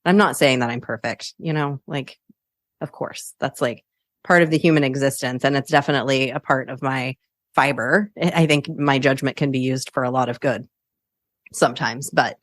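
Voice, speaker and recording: A woman's voice: extremely low pitch, no echo, studio quality. A woman hosting a solo coaching podcast, chatty and upbeat, laughing often as she talks.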